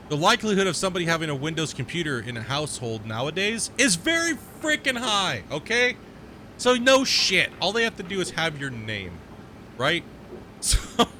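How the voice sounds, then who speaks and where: A man's voice: high-pitched, big pitch swings, normal speed, pushed and bright, a little hiss or hum. A man streaming a game live, chatting casually and rambling through stories, often tagging sentences with "right?".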